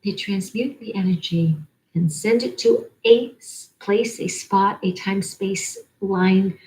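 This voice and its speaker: A woman's voice: medium pitch, slow, a little mellow, poor audio. A woman giving an oracle card reading in a rambling way, stringing words together in long lists. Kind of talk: spiritual card-reading monologue.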